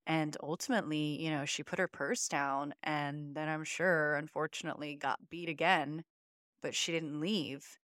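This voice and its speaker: A woman's voice: low-pitched, fairly bright tone, dry recording, studio quality. A woman podcast co-host telling a personal story in an earnest, emotional, conversational way. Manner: earnest, emotional, uses many fillers.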